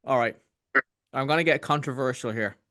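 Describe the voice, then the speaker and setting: A man's voice: mid-range voice, brisk, a bit bright, dry recording. Guy interviewer playing devils advocate, teasing, dry close mic. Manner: teasing, provocative questioner. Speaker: interviewer, host. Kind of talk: casual interview questions.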